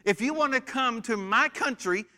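American pastor, high voice, preaching with call-and-response and light joking. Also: male voice, normal speed, bright, forceful tone. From United States. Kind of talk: sermon. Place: church.

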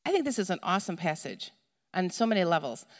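A middle-aged woman preaching a sermon, telling a story with lively, acted-out moments and calls to the congregation. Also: lowish voice, quick pace. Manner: animated storytelling, acts out shouting for a lost child. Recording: long hall reverb.

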